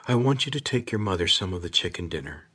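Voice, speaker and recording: A man's voice: low-pitched, expressive, fast, a bit bright, slightly rough, full character voice. A man reading a storybook voices a middle-aged farm mother who speaks firmly and matter-of-factly.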